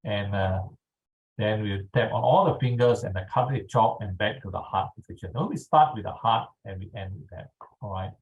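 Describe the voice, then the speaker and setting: A man leading a guided tapping exercise over a video call, speaking calmly and checking in often with his listeners. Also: fairly low pitch, narrow, tinny audio. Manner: slow, calm instructional pacing with frequent "all right". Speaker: EFT tapping instructor.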